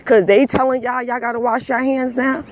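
A man's voice: very high-pitched, little pitch movement, normal speed, slight background noise. A man delivering a heated, emphatic monologue rant, repeating himself, scolding listeners and swearing when worked up.

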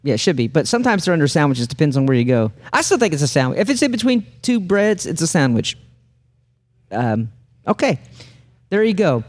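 A man hosting a casual podcast chat, talking in halting bursts with many fillers and restarts. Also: on the high side, sing-song. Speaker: podcast host.

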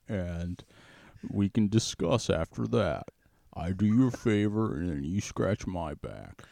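A smug, leering god-king emperor, played by a man purrs his offers in a very deep voice. The delivery is slow and suggestive, in the style of an improvised comedy bit. The recording is close and dry. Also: animated, creaky, darkish tone, dry recording, full character voice. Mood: seductive. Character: lewd, seductive male god-king emperor.

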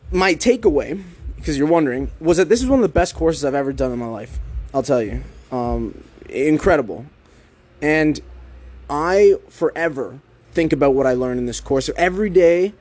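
A man's voice: medium pitch, a little mellow. A young man talking casually and energetically to his listeners, addressing them directly. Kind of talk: casual monologue.

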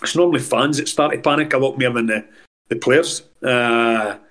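A man with a Scottish accent, a former footballer, telling animated stories as a podcast guest. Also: mid-range voice, normal speed. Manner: animated, rambling anecdotes with many restarts. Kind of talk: casual storytelling in a podcast interview.

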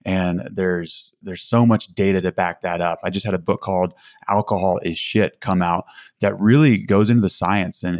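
Man, podcast guest, earnest, emphatic, low pitch, dry room. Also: darkish tone, no room sound. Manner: earnest, emphatic, with many restarts. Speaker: podcast guest, recovery community founder. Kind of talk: conversational interview.

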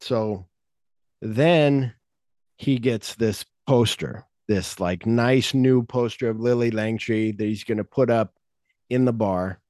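A man's voice: medium pitch, slow pace. A man hosts a podcast, retelling scenes in a loose, chatty way. He jumps into raised voices for the quotes and swears freely. The sound is dry and close, with no room echo. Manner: animated storyteller, acts out quotes in a raised voice, swears often. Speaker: podcast host. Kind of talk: casual chat retelling a film script.

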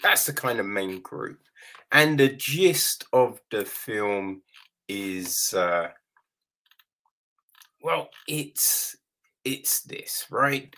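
A man's voice: on the low side, animated, very slow, pauses often, sharp tone. A man recapping a horror film in a rambling, casual way, swearing now and then and often asking the listener "right?". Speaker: film reviewer.

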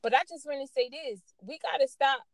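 A woman co-hosting a podcast in casual chat, telling stories in a lively, animated way. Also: sits high, a little fast, no room sound. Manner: lively storytelling, animated and loud. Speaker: podcast co-host.

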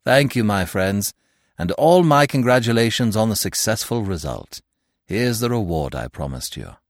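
A man voicing a suave, teasing young gentleman thief who talks in a playful, mock-affectionate way. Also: lowish voice, expressive, normal speed, dry recording, studio quality.

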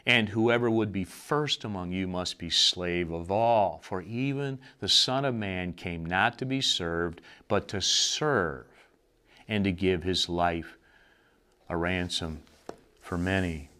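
A man voicing a calm teacher addressing his followers in a low, gentle, unhurried way. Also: full character voice.

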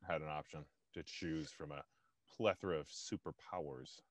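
A man's voice: rumbling low, steady tone, moderate pace, dry recording. A young man co-hosting a podcast, chatting in a laid-back, rambling way with many hesitations. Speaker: podcast co-host. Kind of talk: casual chat.

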